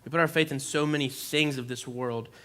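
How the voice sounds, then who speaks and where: Young guy preaching casually, lots of "like", acts out what he said back then, mid pitch. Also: fairly even intonation, fairly quick, fairly bright tone. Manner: conversational, lots of "like", acts out his own reactions. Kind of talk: informal sermon with personal story. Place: church.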